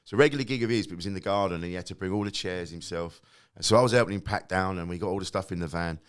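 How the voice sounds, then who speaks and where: A middle-aged man, a guest comedian telling lively anecdotes and acting out quotes, swearing freely. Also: deep voice, very fast, smooth.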